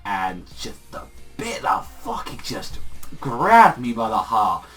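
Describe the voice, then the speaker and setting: Speaking slowly in a lowish, fairly bright voice whose pitch swoops wildly, a young man reviews a manga chapter for a casual video. He gushes, rambles with fillers, and curses liberally. The recording is far from the mic, with faint background music.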